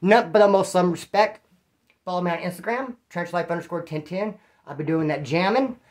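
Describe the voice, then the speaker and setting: A man's voice: high-pitched, brisk, a little hiss or hum. A middle-aged man from California, hosting his own channel and telling prison stories in a rambling, profane, self-mocking monologue to his viewers. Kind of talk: casual storytelling monologue.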